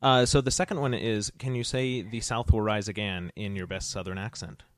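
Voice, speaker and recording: A man's voice: lowish voice, fairly even intonation, normal speed, dry recording. Easygoing man reading podcast questions. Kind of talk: casual podcast chat.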